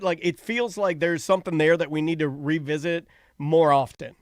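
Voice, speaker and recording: A man's voice: fairly high pitch, steady tone, fairly quick, no echo, studio quality. A man hosting a casual talk show, easygoing, reading listener emails aloud. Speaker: host. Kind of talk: casual chat.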